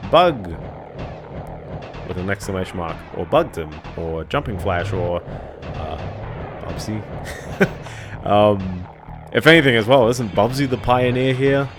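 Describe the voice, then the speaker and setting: A man casually commenting while streaming a video game, rambling and hedging with little chuckles to himself. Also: fairly low pitch. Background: game music.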